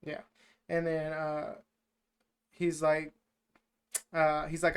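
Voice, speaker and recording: A man's voice: fairly high pitch, completely flat delivery, measured pace, pauses often, smooth. A man co-hosting a podcast, casually retelling a film plot in a rambling way, full of filler words and casual swearing. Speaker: podcast co-host. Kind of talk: casual movie recap chat.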